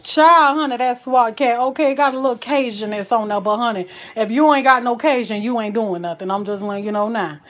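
A woman's voice: a little high, a little fast, few pauses. A young woman, chatting casually to her viewers while showing her home cooking, full of exclamations. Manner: animated, exclaims "child, honey" often. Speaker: cooking vlogger.

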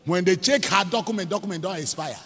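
A man's voice: high-pitched, quick pace, slightly rough, big-room sound. A man with a Nigerian accent preaching a sermon, telling a story and acting out its quotes. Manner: acts out quotes, leads shouted prayers, mixes in pidgin. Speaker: evangelist preacher. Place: large church hall.

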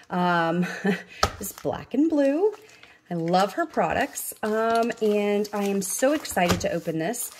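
A woman hosts a casual budgeting vlog at a middle pitch. She gushes over each item and fills her pauses with ums. A faint noise sits under her voice. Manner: gushing and excitable, with many ums. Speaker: budgeting channel host.

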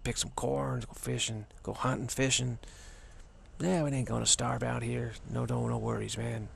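A man's voice: mid-range voice, little pitch movement, normal speed, gravelly, a little hiss or hum. A man voicing an easygoing, down-home rural uncle who reassures in a folksy, laid-back way. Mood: reassuring.

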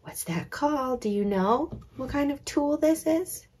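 Slow, encouraging woman teaching children. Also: high-pitched, lively intonation, a little mellow. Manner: slow, clear and encouraging, drawing out words. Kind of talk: children's lesson.

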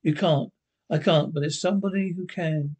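Grave tv narrator guy, husky and slightly high, spooky story vibe. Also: steady tone, moderate pace, darkish tone. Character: grave male narrator of eerie tales. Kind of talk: dramatic TV narration.

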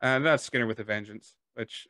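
A man's voice: mid-range voice, brisk, bright, forceful tone, no echo, clean studio sound. A Scottish man hosting a podcast, chatting loosely and often laughing. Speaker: podcast host. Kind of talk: casual podcast chat.

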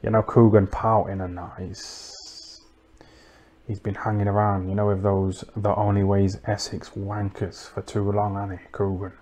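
A man doing a rambling comic monologue, deadpan and crude, mocking people and tacking "innit" and "you know what I mean" onto his lines. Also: lowish voice, unhurried. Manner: deadpan, crude and mocking, full of tag questions. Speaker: comedic livestream host.

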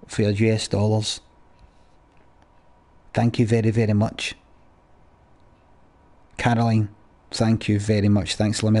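Gravelly, sweary game streamer. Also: male voice, fairly low pitch, darkish tone. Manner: crude, sweary banter while thanking donors. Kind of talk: casual live-stream chat.

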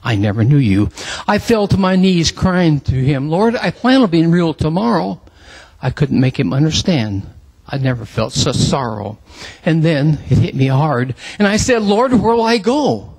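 A man reciting a dramatic religious poem in church, emotional and pleading, with a husky voice. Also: a little high, big pitch swings, moderate pace, darkish tone. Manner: emotional, pleading, rising to cries.

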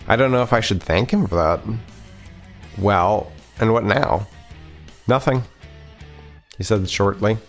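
Let's player, man, lowish voice, reads narration and chats, faint music under. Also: measured pace, long pauses. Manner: conversational, wry asides. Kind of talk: reading a visual novel aloud with commentary.

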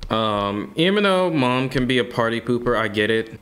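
A man giving loud, joking let's-play commentary full of slang and trash talk. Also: mid-range voice, expressive, moderate pace, few pauses, soft background music. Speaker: gaming YouTuber.

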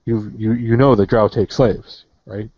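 A man's voice: fairly low pitch, steady tone, a little slow. A man voicing a weary, blunt female dwarf prisoner in a tabletop game, hesitant and sighing. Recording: muffled dry online voice chat.

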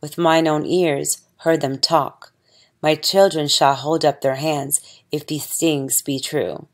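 A woman reading the lines of a grieving queen, slow and earnest. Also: sits low, steady tone. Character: grieving queen giving solemn witness.

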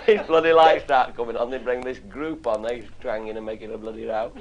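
A man's voice: medium pitch, steady tone, fairly quick, muffled recording. A man telling salty, earthy stories to a live audience, swearing casually and chuckling as he goes. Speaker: comedic raconteur. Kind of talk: anecdotal storytelling to a live audience. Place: live event before an audience. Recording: live audience laughter behind.

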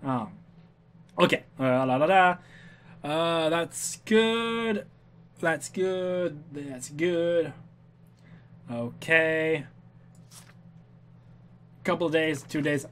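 A man's voice: on the high side, very slow, long pauses, a bit bright. A man giving casual gameplay commentary as a let's player, goofy and chatty, talking back to the characters and humming to himself. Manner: goofy, talks back to game characters, hums and sings to himself.

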